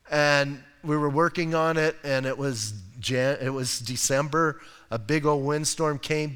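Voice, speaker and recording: Pastor guy preaching, bit higher voice, chatty and folksy, long church hall reverb. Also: clean tone. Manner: conversational, chatty, folksy asides. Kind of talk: sermon. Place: church sanctuary.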